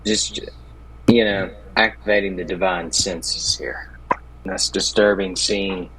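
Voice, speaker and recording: A man playing in a tabletop game, speaking in a slow, low-key way. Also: fairly even intonation, background noise. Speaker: player. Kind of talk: casual tabletop game chat.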